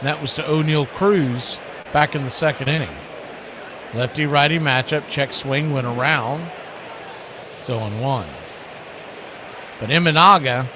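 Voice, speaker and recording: A man, calling baseball play-by-play on the radio as host in a folksy, chatty way with asides between pitches. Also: moderate pace, long pauses, background noise.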